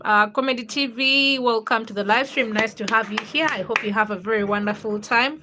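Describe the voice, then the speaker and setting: Over background noise, a Ugandan woman talks fast with few pauses in a mid-range voice. She's hosting a casual livestream, reading viewer comments, greeting people by name and teasing them.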